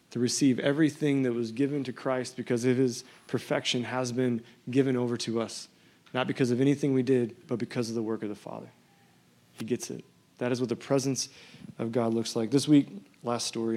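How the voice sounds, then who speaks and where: A man in his thirties preaches to his church, moving between scripture reading and plain personal storytelling. His voice sits at a middle pitch and stays fairly level, with little rise and fall. His manner is earnest and conversational. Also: darkish tone. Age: 30s. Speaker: pastor. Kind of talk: sermon.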